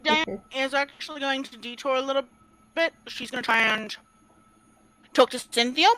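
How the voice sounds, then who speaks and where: A woman's voice: high-pitched, moderate pace, bright, forceful tone. A woman playing a tabletop game, with wry, teasing remarks. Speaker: player.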